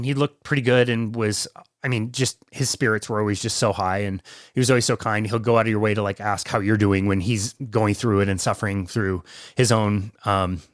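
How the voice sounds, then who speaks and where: A man hosting a podcast, talking casually and emotionally in a tribute, halting with many fillers and near tears. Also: lowish voice, no room sound, studio quality. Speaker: podcast host.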